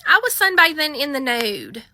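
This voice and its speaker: A woman's voice: sits high, big pitch swings, moderate pace, sharp tone, no room sound, clean studio sound, exaggerated voice. A woman voicing a panicked young British woman calling for help, pleading and flustered. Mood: embarrassed.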